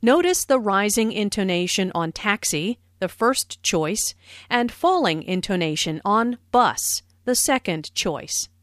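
A woman narrating a scripted language lesson, explaining phrases slowly and carefully with clear enunciation. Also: mid-range voice, animated, no room sound, clean studio sound. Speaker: language teacher.

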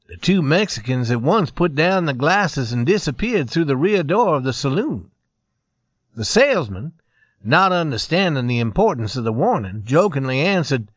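Male storybook narrator: measured, expressive, fairly high voice, dry close recording. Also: no room sound.

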